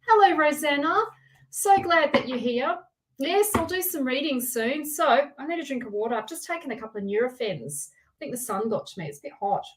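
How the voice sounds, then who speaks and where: A middle-aged Australian woman hosting a casual live tarot stream, chatting to viewers and greeting them by name. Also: sits high. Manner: chatty, warm greetings to viewers, frequent restarts. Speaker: tarot reader hosting a livestream.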